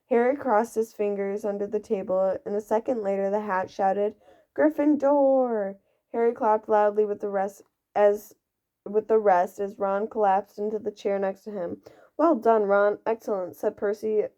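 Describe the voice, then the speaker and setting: A woman with a dark-toned, mid-range voice gives an amateur audiobook reading. She often slips and starts over, and the lo-fi recording sounds dull.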